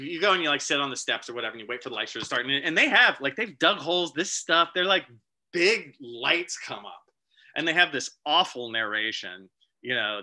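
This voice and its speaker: A man giving a casual storytelling slide talk to an astronomy club, chatty and animated, with many fillers and restarts. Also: medium pitch. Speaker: guest presenter at an astronomy club meeting.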